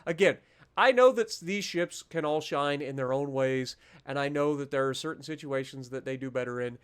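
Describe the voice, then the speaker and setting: A man's voice: mid-range voice, moderate pace, clear, resonant tone. A man hosting his own gaming channel, ranking ships in a casual, chatty commentary full of fillers and restarts, joking at his own expense. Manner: chatty, self-deprecating, many fillers and restarts.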